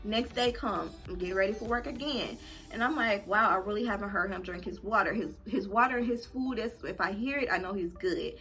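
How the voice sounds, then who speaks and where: A young adult woman telling a story for her vlog in an animated, emphatic, slangy way. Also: mid-range voice, a little fast, faint music behind. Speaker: vlogger.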